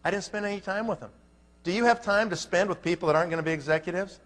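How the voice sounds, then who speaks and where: A network marketing leader delivers a motivational speech to a live audience in a hall with long reverb. His voice is high, fast, and fairly bright, and his folksy, punchy delivery is full of rhetorical questions to the crowd.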